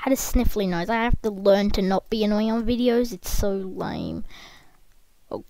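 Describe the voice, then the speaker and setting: A woman giving casual, chatty game commentary close to a desk microphone, talking straight to the viewers and bursting into excited yells. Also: mid-range voice, normal speed, vocal fry, no room sound. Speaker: gameplay commentator.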